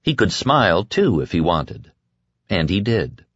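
Expressive low-voiced male audiobook narrator. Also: unhurried, slightly rough, dry recording. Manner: lively, expressive. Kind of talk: scripted narration. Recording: dull, dry lo-fi recording.

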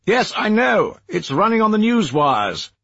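A man's voice: sits high, big pitch swings, a little slow, creaky, pushed and bright, dry recording, voice pushed up, exaggerated voice. A man voicing an impatient senior male official who gives orders down a phone line. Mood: brusque. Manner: commanding and impatient.

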